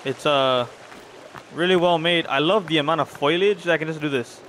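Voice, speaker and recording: A man's voice: fairly high pitch, brisk, fairly bright tone, slight background noise. A young man casually commenting while he plays a video game, rambling to his viewers and to the characters on screen. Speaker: gaming channel host. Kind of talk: casual let's-play commentary.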